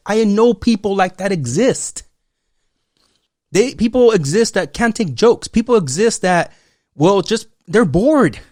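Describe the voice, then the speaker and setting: A man talks through a joking, profane commentary monologue. He acts out little scenes in different voices. His voice sits a bit high and is recorded dry and close. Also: no echo. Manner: animated, profane, joking, acts out mock dialogues. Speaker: podcast host.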